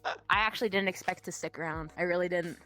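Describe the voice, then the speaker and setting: A woman's voice: fairly low pitch, fast talker, bright, forceful tone, faint music behind. A young adult woman, a guest dancer, chatting candidly in an interview, laughing often and swearing casually.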